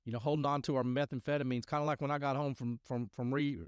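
A middle-aged man tells a story on his podcast in a loose, rambling way, circling back and restarting his sentences. His voice is smooth and clear, recorded close and dry. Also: medium pitch, little pitch movement, fast, dry recording. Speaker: podcast host sharing testimony. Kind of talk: casual spoken testimony.

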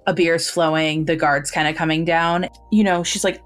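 A woman with a fairly low voice chats through a book's plot in an easy podcast style. She pops up into brighter, higher tones whenever she quotes a character. Faint music sits under the talk. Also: steady tone, moderate pace. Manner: retells scenes, quoting characters in livelier raised tones. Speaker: podcast co-host. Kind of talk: casual book review chat.

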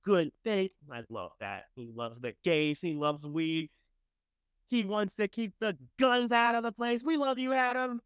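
A man hosting a show, casually commenting as he reads through candidates, chatty and sarcastic, with loud bursts of enthusiasm and mumbled asides. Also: sits high, unhurried, smooth, no echo. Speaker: show host reviewing candidates.

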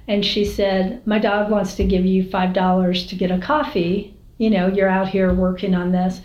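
A woman's voice: medium pitch, darkish tone. A woman who is a mayor, talking candidly in an interview, telling stories with lots of fillers and restarts, with an American accent. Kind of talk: casual interview talk. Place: city hall office. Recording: roomy, slightly dull recording.

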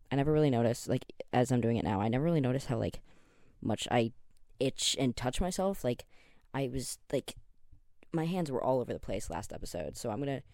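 A man's voice: medium pitch, no room sound, clean studio sound. Rambling, tired young Canadian man. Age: 20s. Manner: rambling and self-interrupting, with many likes and ums; gets excited about favorite superheroes. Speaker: podcast host. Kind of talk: casual solo podcast chat.

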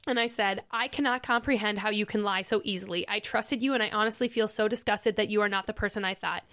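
A woman's voice: mid-range voice, steady tone, quick pace, a bit bright. A woman podcast host in casual chat, animatedly retelling a breakup and reading old text messages aloud.

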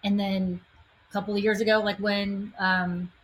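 A woman podcast co-host with a mid-pitched voice and a faint hiss under her speech. She speaks in a heartfelt, grateful way, pausing and restarting as she gathers her thoughts. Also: flat delivery, low-quality recording. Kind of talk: podcast conversation.

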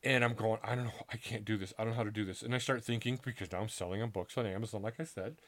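A middle-aged man earnestly recounting a personal story in a casual, halting way, acting out what people said to him. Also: on the low side, steady tone, fairly bright tone. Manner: earnest, halting, with restarts and acted-out quotes. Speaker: author telling his story.

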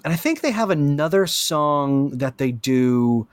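A man co-hosting a podcast in casual chat, excitable and rambling, swearing freely. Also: a little high, measured pace, no echo, studio quality. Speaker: podcast co-host.

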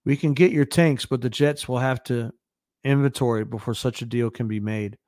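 A man reading the lines of a brisk, businesslike military officer. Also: mid-range voice, a little mellow, no echo, studio quality, lightly acted. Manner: quick, businesslike.

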